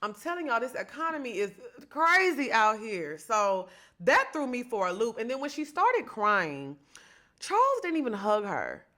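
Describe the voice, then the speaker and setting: A woman's voice: a little high, sing-song, moderate pace, pushed and bright. A woman hosting her own podcast, giving chatty, sassy gossip commentary and talking straight to her listeners. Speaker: podcast host. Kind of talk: solo reality-TV gossip commentary.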